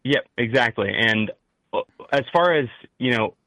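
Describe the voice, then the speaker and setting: A young man with a Midwestern accent, calling in to a talk show and speaking in a halting way full of fillers and restarts. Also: mid-range voice, animated, pushed and bright, no room sound, rough recording. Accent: Midwestern American. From rural Midwest. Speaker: caller. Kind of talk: call-in talk show conversation.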